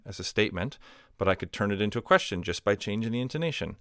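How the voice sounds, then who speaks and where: A man calmly teaching a recorded grammar lesson, explaining step by step with example phrases and a few ums and uhs. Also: lowish voice, a little fast, smooth, no echo, clean studio sound. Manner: patient explaining with spoken examples, fillers like um and uh. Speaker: language teacher.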